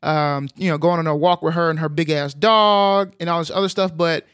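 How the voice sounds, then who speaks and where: A man casually retelling a film's plot as a podcast co-host, animated and full of filler sounds. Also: a little high, normal speed, smooth, dry recording, clean studio sound. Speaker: podcast co-host recapping a film. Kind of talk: casual film recap chat.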